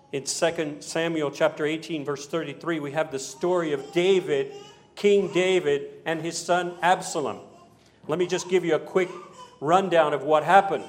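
Slightly high-voiced male preacher, dramatic. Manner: dramatic storytelling, swings from emphatic to hushed. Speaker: pastor. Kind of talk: sermon.

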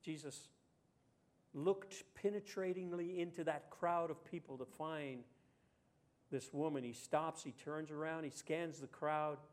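Male pastor, slightly raised pitch; conversational sermon with rhetorical questions and voiced quotes. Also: fairly even intonation, measured pace.

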